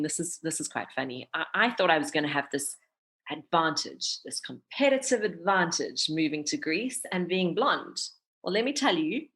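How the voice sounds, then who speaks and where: A South African radio presenter in her thirties speaks in a lowish, slightly bright voice. Appearing as a podcast guest, she chats candidly in a casual interview and laughs frequently.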